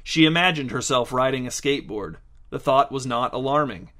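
Deadpan male story narrator. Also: medium pitch, brisk. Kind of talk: audiobook narration.

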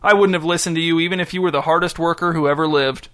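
A man's voice: a little high, steady tone, quick pace, fairly bright tone, lightly acted. A man doing a cheeky slacker son. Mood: flippant. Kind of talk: audiobook character voice.

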